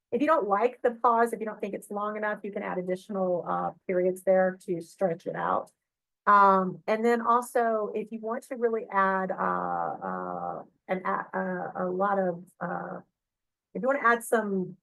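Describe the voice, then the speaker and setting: Gravelly-voiced woman teaching software. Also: medium pitch, no echo, poor audio. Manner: chatty, with many fillers and "okay?" check-ins. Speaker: librarian. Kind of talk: screen-share tutorial walkthrough.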